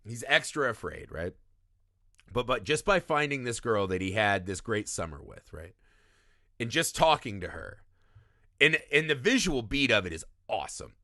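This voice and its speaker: Animated man with a bright, lively voice. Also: medium pitch, normal speed, dry recording, studio quality. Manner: animated, acts out movie lines in voices, laughs often. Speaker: podcast co-host. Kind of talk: casual film discussion.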